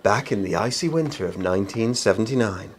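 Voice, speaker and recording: A man's voice: lowish voice, animated, fairly quick. Chatty man hosting craft TV. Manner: chatty, self-deprecating, filler-heavy. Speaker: craft TV show host. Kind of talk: live shopping-channel presenting.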